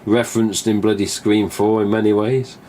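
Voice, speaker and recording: Flat in delivery yet warm in tone, a fairly low-pitched man from England speaks at normal speed on his live stream, with a little hiss or hum in the background. He chats in a loose monologue, swears casually, and acts out recalled exchanges.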